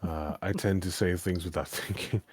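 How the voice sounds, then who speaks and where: A man hosting a casual chat, with a big voice, telling lively stories and acting out the people in them. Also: deep voice, moderate pace, breathy edge, dry recording. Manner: animated storytelling, acts out quoted people. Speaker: host.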